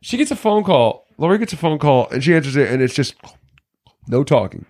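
A man chatting casually about a movie, retelling scenes in a mocking, animated way. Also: on the high side, brisk.

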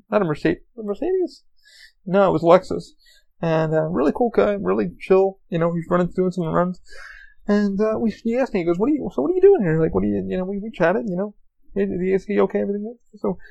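A podcast host tells stories in a casual monologue, swearing heavily and stumbling over repeated words as he restarts. His voice runs on the high side, with vocal fry and a darkish tone.

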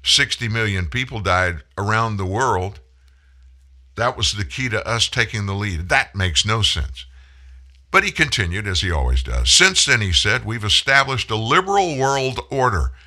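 A man's voice: fairly low pitch, lively intonation, pushed and bright. A man in his sixties hosting a political talk show, delivering emphatic commentary and stretching out key words for effect. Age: 60s. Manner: emphatic, punches single words, slows down for effect.

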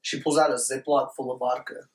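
A young man telling a story in casual chat, animated and profane, acting out the voices he quotes. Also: mid-range voice, a little fast. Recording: roomy, mic at a distance.

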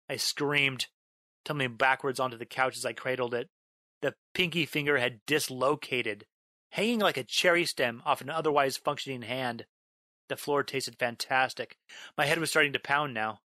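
A man narrating a first-person horror story, dramatic in delivery, drawing out a repeated line slowly and breaking into yelled outbursts. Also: medium pitch, dry recording. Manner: dramatic, slows down on a repeated line, bursts into yelling.

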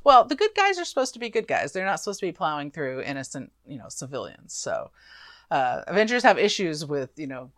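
A woman's voice: low voice, wildly swooping pitch, a little fast, fairly bright tone, no room sound, studio quality. A woman co-hosting a casual movie review chat, easygoing and defending the film.

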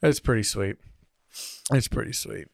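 A man's voice: on the low side, a little slow, vocal fry, no echo, studio quality. A man in his thirties co-hosting a casual podcast chat, laughing often and acting out quotes in playful voices. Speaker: podcast co-host.

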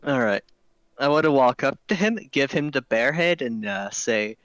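A man's voice: medium pitch, animated, normal speed, a bit bright, dry recording. A man playing a tabletop game, speaking casually and laughing often. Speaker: player.

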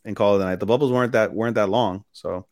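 A man's voice: lowish voice, fast talker, dry recording, studio quality. A young man co-hosting a podcast, casually and crudely retelling scenes and acting out the lines. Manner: crude, animated retelling with acted-out quotes. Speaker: podcast co-host. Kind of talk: casual chat.

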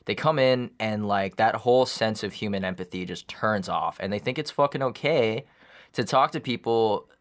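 A young man in his twenties in casual chat, rambling with lots of fillers and some swearing. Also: lowish voice. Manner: rambling, profane, many fillers.

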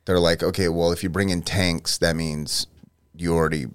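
A young man co-hosting a podcast, riffing in a sarcastic, deadpan way with casual profanity. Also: deep voice, normal speed, smooth. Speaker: podcast co-host. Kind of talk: casual banter.

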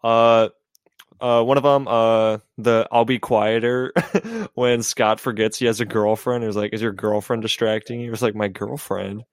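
A man's voice: on the low side, unhurried, no echo, clean studio sound. A man co-hosting a podcast over a video call, in casual chat, retelling favourite movie jokes with plenty of fillers and laughter. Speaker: podcast co-host.

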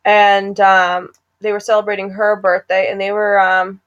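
A woman's voice: mid-range voice, little pitch movement, normal speed, fairly bright tone, muffled recording. A young woman in casual chat, recounting events in a laid-back, rambling way with fillers.

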